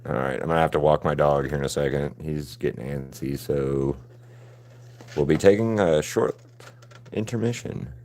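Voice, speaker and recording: A man with a deep, low voice chats loosely with his viewers during a live painting stream. He rambles, stays laid-back, and swears freely as he goes. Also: moderate pace, a little mellow. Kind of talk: casual livestream chat with viewers.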